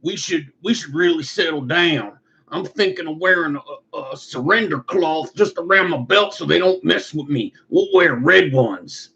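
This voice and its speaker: A timid outlaw cowboy schemes in a whiny, raised voice, as a man puts him on. The gravel of the voice comes through a dull, lo-fi recording. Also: a little high, lively intonation, unhurried, bright, forceful tone, pitched above the performer's own voice, exaggerated voice. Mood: scheming. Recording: lo-fi muffled recording.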